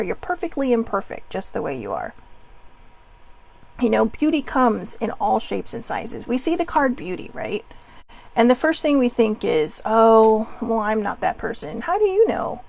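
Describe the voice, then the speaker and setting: Gravelly, encouraging woman talk host. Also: on the high side. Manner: chatty and encouraging, with self-mocking asides. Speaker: self-care show host. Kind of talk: casual motivational talk.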